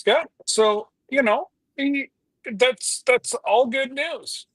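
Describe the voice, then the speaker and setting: A woman chatting casually as co-host, making slow, drawn-out remarks. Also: high voice, poor audio. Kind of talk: casual chat.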